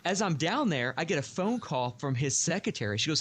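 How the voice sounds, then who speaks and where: Animated man telling a story. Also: fairly high pitch, fairly quick. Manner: animated, acts out quoted voices. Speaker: podcast guest telling a work story. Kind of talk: casual storytelling.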